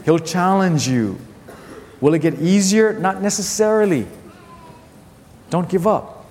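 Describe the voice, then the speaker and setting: High-voiced male pastor preaching in a hall. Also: measured pace, slight background noise. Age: 50s. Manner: animated storytelling, repeats phrases, acts out family voices. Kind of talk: sermon. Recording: long hall reverb.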